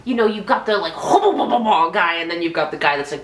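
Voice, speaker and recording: A woman's voice: fairly low pitch, animated, normal speed, roomy sound. A young woman giving a casual, profane, sarcastic movie review and mimicking characters in mock voices.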